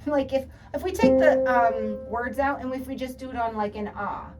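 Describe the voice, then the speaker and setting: A woman's voice: high voice, moderate pace, far from the mic. A woman coaching a singing student, explaining patiently and encouragingly with plenty of fillers. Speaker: voice teacher. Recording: from across the room, with music behind.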